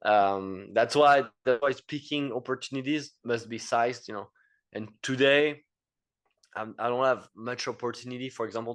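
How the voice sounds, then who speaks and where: A French engineer and entrepreneur in his thirties, appearing as a podcast guest, speaks English with a French accent in a casual interview chat. He rambles, using many fillers and repeated words. His voice is medium-pitched and a bit bright.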